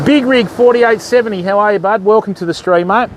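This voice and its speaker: A high-pitched man talks fishing gear while he casts from a stormy beach. His easygoing live-stream chatter greets viewers by name and keeps calling them mate. Faint wind and surf hiss sit under his voice. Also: fairly quick. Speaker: fishing livestream host.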